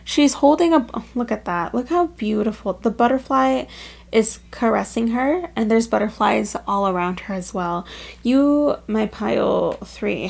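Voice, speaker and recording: A woman's voice: medium pitch, vocal fry, darkish tone. A woman giving a casual pick-a-card tarot reading, chatty and emotional, with lots of filler words. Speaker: tarot reader.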